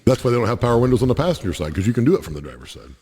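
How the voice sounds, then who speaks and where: A man co-hosting a casual podcast chat, joking in a dry, deadpan way. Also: medium pitch, very fast, husky. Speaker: podcast co-host. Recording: long hall reverb.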